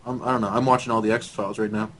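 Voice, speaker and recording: A young man co-hosting a podcast in casual chat, sarcastic, profane and quick to laugh. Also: lowish voice, level tone, fairly bright tone, low-quality recording. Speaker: podcast co-host.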